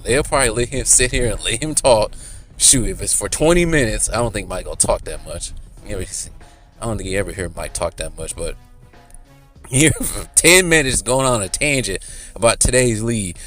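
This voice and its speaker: A man's voice: lowish voice, sing-song, brisk, a bit bright, soft background music. A man rambling casually in a commentary vlog, chatty and often laughing. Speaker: YouTuber.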